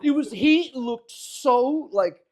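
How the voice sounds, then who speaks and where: A young man telling a funny story in casual chat, animated and often laughing as he acts out what people said. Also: very high-pitched, slow. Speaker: podcast host telling a story.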